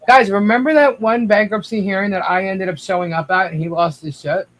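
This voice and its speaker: A man's voice: high voice, fairly even intonation, a little fast, fairly bright tone, rough recording. A man speaking as a guest on a livestream, rambling with frequent restarts and addressing the viewers directly. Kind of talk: casual livestream chat.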